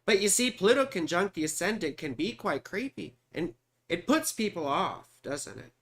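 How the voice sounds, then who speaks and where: A man's voice: high voice, sing-song, normal speed, a bit bright. A man in his forties from California, an astrologer chatting and rambling through live chart readings, muttering while he searches and talking to viewers by name. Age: 40s. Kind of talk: casual live-stream chat.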